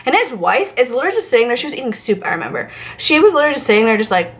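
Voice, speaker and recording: A woman from Massachusetts, telling a storytime rant about her bartending days in a chatty, animated way full of fillers. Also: a little high, racing. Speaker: vlogger, former bartender.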